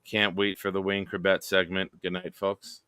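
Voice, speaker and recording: A man's voice: deep voice, little pitch movement, moderate pace, sharp tone, smooth, no echo. A man hosting a casual live stream, reading viewer comments aloud and laughing often. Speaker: live show host.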